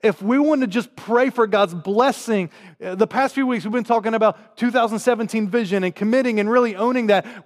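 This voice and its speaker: A man with a Southern US accent, preaching a sermon to his congregation and swinging between loud emphatic lines and quiet, low asides. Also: a little fast. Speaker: pastor. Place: church sanctuary. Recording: long hall reverb.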